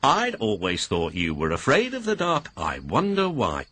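A man with a British accent voicing a timid young male tank engine who scares easily, talking in a high, jittery, breathless way over background music. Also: wildly swooping pitch, moderate pace, bright, forceful tone, breathy edge, dry recording, heavily acted. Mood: teasing.

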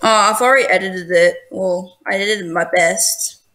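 A woman's voice: medium pitch, fairly even intonation, unhurried, fairly bright tone. A woman hosting a casual gameplay video, playful and teasing, often breaking into giggles. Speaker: gaming channel host.

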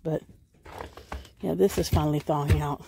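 A woman's voice: low voice, fairly even intonation, normal speed, gravelly, warm tone, slight background noise. A woman talking casually and rambling to her camera while she walks outdoors around her house, musing aloud as she goes. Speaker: vlogger. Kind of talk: casual walk-and-talk vlog.

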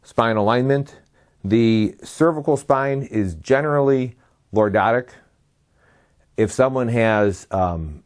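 A man with a somewhat low voice gives a slide lecture, moving through the material step by step. He lists terms one after another and drops in short, dry asides along the way. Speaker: medical lecturer.

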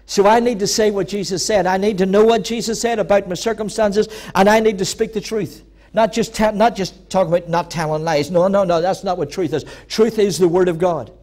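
A man preaching a church sermon, emphatic and repetitive, building to loud peaks. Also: high-pitched, fairly even intonation, a little fast. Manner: emphatic, repeating phrases, rising to loud peaks. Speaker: pastor.

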